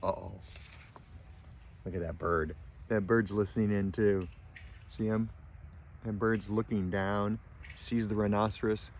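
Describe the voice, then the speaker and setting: An older man with a fairly low voice reads a picture book aloud to his grandchildren. He stops often to ask them gentle questions, and a faint hum of the room sits behind him. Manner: gentle, asks children questions.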